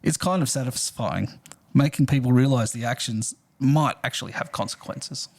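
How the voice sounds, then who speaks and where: A man's voice: medium pitch, normal speed, darkish tone. Chatty man reading a story aloud. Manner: chatty, laughs often while reading. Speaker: podcast co-host. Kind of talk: casual chat, reading a listener story aloud.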